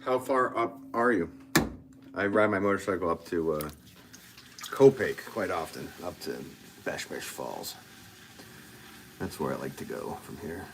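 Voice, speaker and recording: A potter from Connecticut, with a Connecticut accent, hosts a livestream from his studio, reading viewer comments and joking at his own expense. His gravelly voice sits low with lively intonation, unhurried and full of long pauses, over background noise. He's chatty and self-mocking, and restarts often.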